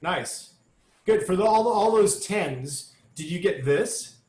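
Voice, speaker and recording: Choir director, singing and coaching. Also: male voice, sits high, expressive, takes it slowly, a little mellow, reverberant. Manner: sings demonstration phrases between spoken instruction. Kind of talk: online choir rehearsal. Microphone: video call.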